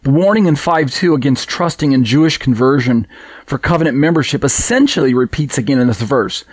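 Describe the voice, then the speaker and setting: A man's voice: medium pitch, brisk, breathy edge, no room sound. A man teaching a Bible study lesson, explaining verses with rhetorical questions and frequent restarts. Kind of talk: recorded Bible study lecture.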